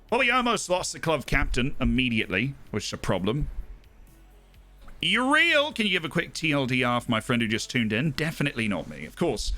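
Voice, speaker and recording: A man's voice: medium pitch, bright, forceful tone. A young man with a posh English accent giving rambling, enthusiastic live commentary on a game he is streaming. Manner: rambling, enthusiastic, self-interrupting. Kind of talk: casual live gameplay commentary.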